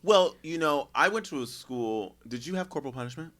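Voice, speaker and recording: A man hosting a casual podcast chat, chatty and encouraging, filling in with quick agreement. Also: a little high, lively intonation, fairly bright tone. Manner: chatty, supportive listener with quick backchannels. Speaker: podcast host.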